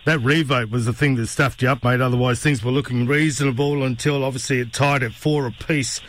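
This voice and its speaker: Fast-talking Australian radio host. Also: male voice, mid-range voice, steady tone, a bit bright. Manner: upbeat, matey. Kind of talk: radio interview.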